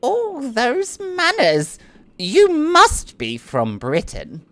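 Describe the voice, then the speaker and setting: A woman voicing a flirtatious aristocratic lady in a tabletop game, with a teasing, drawn-out manner. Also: sits high, huge pitch swings, a bit bright, no echo, pitched above the performer's own voice, heavily acted.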